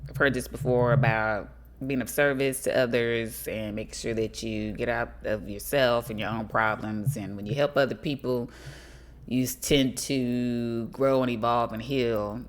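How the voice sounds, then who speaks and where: A middle-aged woman from the United States hosting a podcast, giving casual advice straight to her listeners, lively and quick to laugh. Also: very deep voice. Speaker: podcast host.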